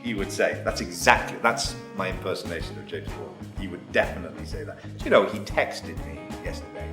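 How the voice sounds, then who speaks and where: A man's voice: deep voice, quick pace, few pauses, roomy sound, over music. A man telling a rambling, self-mocking story as a talk show guest.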